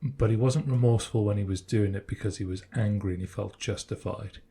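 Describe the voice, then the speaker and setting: A man's voice: fairly low pitch, steady tone, a little fast, dark tone, slightly rough. A man co-hosting a podcast, talking casually and reasoning through ideas step by step. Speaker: podcast co-host. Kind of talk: casual chat.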